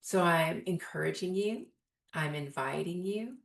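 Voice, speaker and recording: Woman, podcast host, low voice, roomy echo, storytelling, talks straight to listeners. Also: unhurried, vocal fry. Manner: warm storytelling, addresses listeners directly. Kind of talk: heartfelt solo podcast talk.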